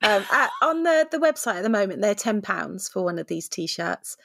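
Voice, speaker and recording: A woman's voice: mid-range voice, sing-song, normal speed, vocal fry, fairly bright tone, no room sound. A woman co-hosting a podcast in casual chat, playful and laughing often. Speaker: podcast co-host.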